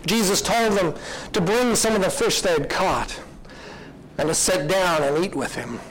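A man's voice: high-pitched, moderate pace, slight background noise, low-quality recording. A man preaching a sermon, retelling a story in an earnest, reflective way.

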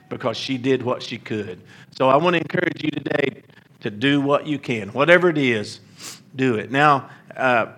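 A man's voice: on the high side, a bit bright. A middle-aged man preaching a sermon, telling stories earnestly, repeating questions and stumbling over restarts.

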